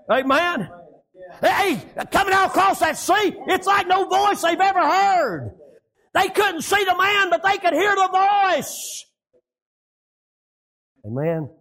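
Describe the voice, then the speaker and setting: A man preaching a sermon, shouting lines and dropping low, with frequent amens.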